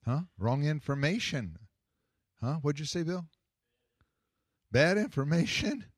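A man's voice: on the high side, sing-song, measured pace, slightly rough, no echo, studio quality. A man preaching a sermon, telling a story and asking the congregation questions. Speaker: pastor.

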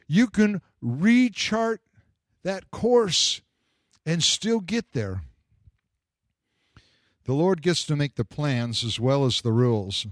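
A man preaching a sermon, animated and jokey, acting out imagined speakers. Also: a little high, no room sound, studio quality.

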